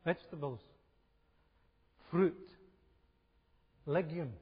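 Husky man lecturing in a reverberant hall. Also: a little high, drawn-out words, lo-fi sound. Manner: conversational, asks the audience questions. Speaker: health seminar presenter. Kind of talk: church health seminar talk. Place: church hall.

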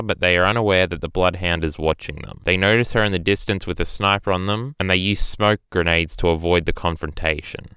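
A man with a low, very clear voice narrates an anime recap in a blunt, matter-of-fact way, dropping the odd swear word. His tone is bright and forward. The recording is dry and close to the mic. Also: no echo. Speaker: anime reviewer. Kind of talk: scripted recap commentary.

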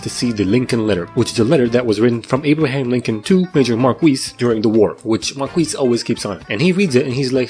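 A man's voice: medium pitch, brisk, darkish tone. Profane sarcastic man recapping movies. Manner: crude, profane, sarcastic, jumps into silly voices. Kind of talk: comedic movie recap narration.

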